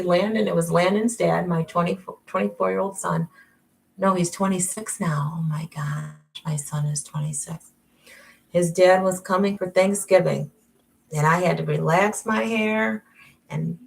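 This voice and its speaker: Chatty middle-aged woman, gravelly, off-mic. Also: mid-range voice, recorded from a distance, low-quality recording. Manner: chatty and self-mocking, laughs often. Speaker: life coach and author. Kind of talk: casual live-stream chat and book reading. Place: at home at night.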